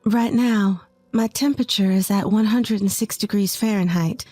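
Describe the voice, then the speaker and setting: A woman's voice: mid-range voice, normal speed, mellow, no echo, faint music behind. Young woman narrating her own story. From rural Texas. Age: 20s. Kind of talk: first-person story narration.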